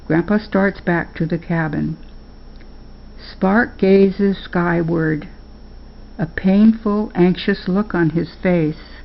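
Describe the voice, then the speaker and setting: Older woman reading a kids' story aloud, really slow, gravelly voice, muffled lo-fi sound. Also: fairly low pitch. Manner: unhurried, plain narration.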